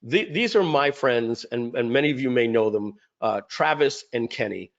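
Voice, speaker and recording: A man's voice: medium pitch, expressive, normal speed, gravelly, lo-fi sound. A man casually presenting his company's story in a rambling way, with many fillers and restarts. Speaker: company founder presenting a webinar. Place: home.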